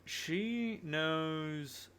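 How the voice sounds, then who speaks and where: A man voicing a suave, cryptic male schemer in a tabletop game, with a smooth, knowing delivery. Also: on the high side, drawn-out words, a bit bright. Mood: assured.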